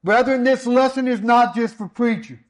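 A man with a notably high voice preaching from the pulpit. He builds his points through emphatic repetition, stacking one parallel line on another in a steady sermon cadence. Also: normal speed.

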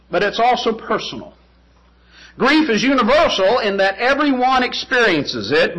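A man delivering a sermon in a high, bright voice. He preaches emphatically, repeating phrases and posing rhetorical questions. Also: poor audio.

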